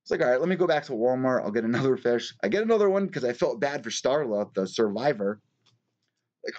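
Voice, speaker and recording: A man rambles through a story on his live show, peppering it with curses and side tangents. His voice sits at an ordinary middle pitch. The sound is dull and lo-fi, like a home stream mic. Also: lively intonation, fairly quick, darkish tone. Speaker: host of a live news show. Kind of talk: casual live-stream chat.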